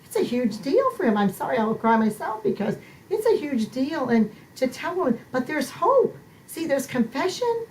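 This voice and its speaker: A middle-aged woman hosting a Christian ministry podcast, talking emotionally in a preacher-like way that swings high for emphasis. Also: a little mellow, a little hiss or hum, low-quality recording. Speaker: podcast host.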